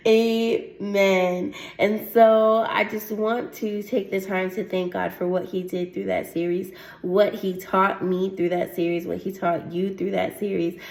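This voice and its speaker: A woman's voice: mid-range voice, vocal fry, a little mellow. A woman hosting a faith show who teaches a sermon and reads scripture aloud. She speaks earnestly, often says "Amen" and laughs lightly now and then. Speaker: host of a faith testimony show. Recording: echoey room.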